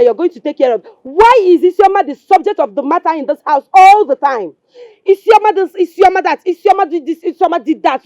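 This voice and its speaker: A scornful nigerian wife, very high voice, sneering and sarcastic. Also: female voice, a little mellow, muffled recording. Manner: taunting and sarcastic. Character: bitter scornful wife who resents her husband's niece. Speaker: actress. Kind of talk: Nollywood film acting.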